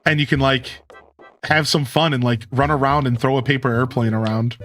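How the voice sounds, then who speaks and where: A man giving relaxed, rambling commentary while playing a video game, full of fillers. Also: mid-range voice, brisk, faint music behind. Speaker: game streamer. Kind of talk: casual gameplay commentary.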